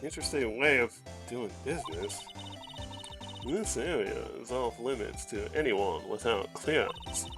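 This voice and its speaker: A man's voice: mid-range voice, expressive, measured pace, over music, lightly acted. A man voicing a smug female lunch seller from a video game, speaking in a nasal, put-on British accent in a posh, teasing manner. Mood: sultry smug.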